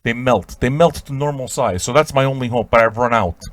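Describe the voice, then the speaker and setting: A man hosting a radio show, telling an improvised absurd comic story in a rambling, stammering way with sudden shouted outbursts. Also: mid-range voice, a little fast, dry recording.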